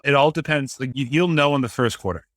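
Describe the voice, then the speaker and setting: Bright-voiced sports podcast analyst. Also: male voice, medium pitch, dry recording, studio quality. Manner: measured analysis with many "like" and "right". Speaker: podcast co-host. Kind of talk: casual sports chat.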